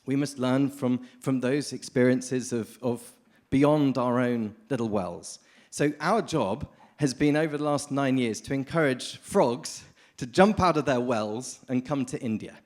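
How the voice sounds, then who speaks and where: A man from the United Kingdom giving a lively, informal conference talk, often addressing the audience directly. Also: medium pitch, unhurried. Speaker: conference speaker. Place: conference hall.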